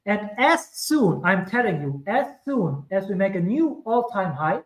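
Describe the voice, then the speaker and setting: A man's voice: high-pitched, sing-song, unhurried, echoey room, poor audio. A man with a German accent giving casual crypto chart commentary, rambling and correcting himself with chatty asides. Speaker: crypto streamer.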